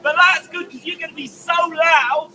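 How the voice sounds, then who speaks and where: A man performing as a poet on a city street, playful and exuberant, often shouting to draw the crowd into call-and-response. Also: very high voice, steady tone, normal speed. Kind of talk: street performance poetry with audience participation. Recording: distant mic, crowd and street noise.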